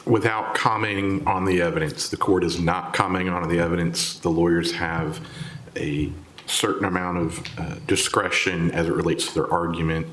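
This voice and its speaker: A man presiding as judge, ruling on objections in a measured, formal way in a courtroom. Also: low-pitched, steady tone, a bit bright, a little hiss or hum. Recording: echoey courtroom audio.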